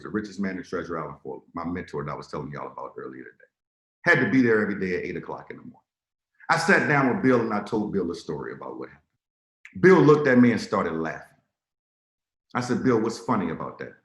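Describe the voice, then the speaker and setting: On a business video call, a man with a low voice gives a fast, very animated motivational sales talk. He tells stories and acts out dialogue in quotes. The sound is roomy.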